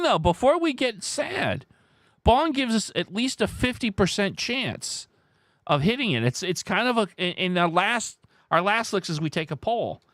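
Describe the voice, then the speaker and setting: A man's voice: sits high, dry recording, clean studio sound. A man hosting a casual live stream, thinking aloud as he weighs guesses and chats with viewers.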